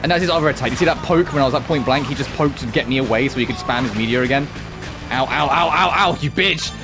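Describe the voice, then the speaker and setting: A man's voice: mid-range voice, racing, over music. Male streamer, casual profane gameplay commentary, ranty and laughing. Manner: profane, ranting, laughs often.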